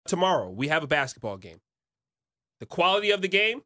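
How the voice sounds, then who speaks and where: A man's voice: a little high, sing-song, a little fast, sharp tone, dry recording. A man hosting a sports betting show, teasing his co-hosts in casual chat.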